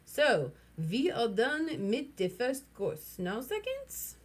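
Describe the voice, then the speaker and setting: A woman voicing a mischievous boy who speaks in a mock-fancy accent and later a shrill girlish squeal. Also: very animated, takes it slowly, darkish tone, exaggerated voice. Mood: mock-grand. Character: mischievous boy playing mad after eating worm.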